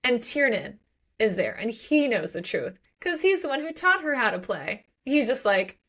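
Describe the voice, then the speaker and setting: A woman's voice: on the high side, moderate pace. Chatty woman podcast co-host. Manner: lively, acts out characters' lines, swears casually. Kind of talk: casual book podcast chat.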